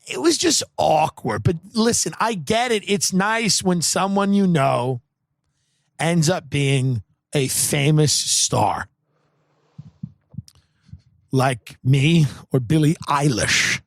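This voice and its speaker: Brief: New man, comedian podcast host, rambling deadpan bits, fairly high voice, dry close mic. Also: takes it slowly, vocal fry, no room sound. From Long Island, US. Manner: rambling, sardonic, deadpan absurd.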